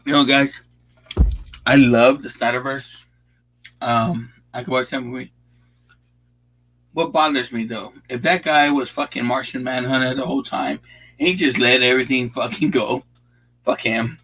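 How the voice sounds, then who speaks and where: A young man in a loose, rambling watch-along, sprinkling nearly every sentence with curses and filler words. His voice sits at an ordinary middle pitch, relaxed and conversational. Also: moderate pace, pauses often, slight background noise, rough recording. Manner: profane, rambling, laid-back with frequent fillers. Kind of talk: casual movie commentary.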